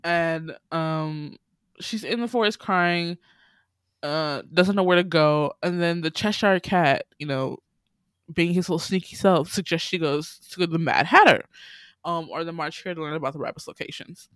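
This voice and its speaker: A woman's voice: low voice, normal speed, a bit bright, smooth, no room sound. A woman in casual chat, animatedly retelling a film and acting out its characters' lines with laughter.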